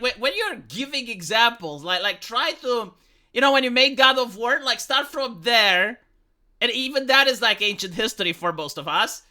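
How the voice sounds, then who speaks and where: Bright-voiced sarcastic male commentator. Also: high voice. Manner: rambling, sarcastic, profane, many restarts. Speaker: YouTube commentary host. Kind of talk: casual reaction commentary.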